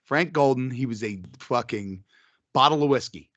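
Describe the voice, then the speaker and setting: A man's voice: mid-range voice, normal speed, a bit bright, no echo, muffled recording. A man co-hosting a podcast, telling crude stories in casual chat and laughing hard at them. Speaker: podcast co-host.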